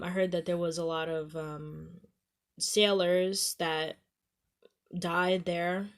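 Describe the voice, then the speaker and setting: A young woman with a Staten Island New York accent, talking casually to her viewers in a rambling way, full of "you know" and "um". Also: lowish voice. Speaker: vlogger. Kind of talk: casual talk to camera.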